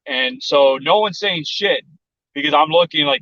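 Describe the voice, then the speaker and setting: A man's voice: on the high side, moderate pace, fairly bright tone, dry recording, dull audio. A man from South Texas telling a story in casual chat, blunt and profane, and he acts out the voices of other people. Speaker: podcast guest.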